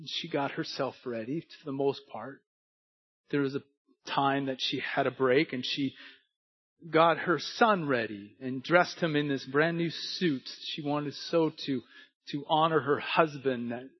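A man preaching a sermon, telling a story and moving between hushed and emphatic delivery. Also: medium pitch, measured pace, husky, dull audio.

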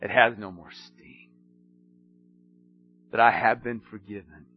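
A man preaching a sermon, swinging between hushed asides and emphatic storytelling. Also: on the low side, steady tone, takes it slowly, narrow, tinny audio.

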